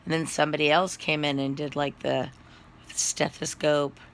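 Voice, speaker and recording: A man's voice: on the high side, flat delivery, moderate pace, creaky, a bit bright, a little hiss or hum. A man who is sick with COVID and coughing, telling a rambling, profane personal story to the camera with lots of fillers.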